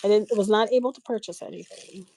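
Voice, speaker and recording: A woman's voice: mid-range voice, fast talker, vocal fry, warm tone, dry recording. A middle-aged woman chatting on a craft live stream, telling stories and laughing often while she works.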